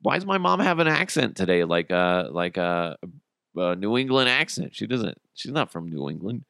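A man's voice: sits low, big pitch swings, moderate pace, creaky, a bit bright, no echo, clean studio sound. A man hosting a podcast, telling stories in a casual, profane, comedic way and laughing at his own jokes. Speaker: podcast host.

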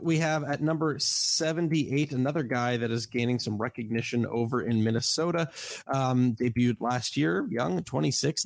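A man's voice: medium pitch, creaky, no echo. A man co-hosting a casual baseball podcast, reading rankings aloud and teasing his partner. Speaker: podcast co-host. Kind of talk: casual fantasy baseball chat.

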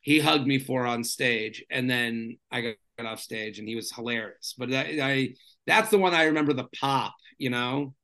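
A man's voice: mid-range voice, normal speed. A man, a stand-up comedian guest, telling stories in a casual, rambling chat full of fillers. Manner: rambling, filler-heavy, animated storyteller.

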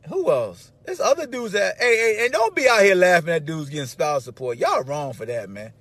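Male podcast host, slightly high voice, loud animated slangy monologue with shouted emphasis. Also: fairly quick, no room sound. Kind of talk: casual sports talk monologue.

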